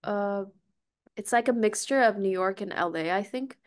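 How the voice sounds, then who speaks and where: A woman's voice: medium pitch, moderate pace. A woman in her twenties, a content creator from Beijing who speaks with an American accent, answering interview questions in a breezy, offhand way. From Beijing, China. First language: Mandarin Chinese. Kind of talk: casual interview.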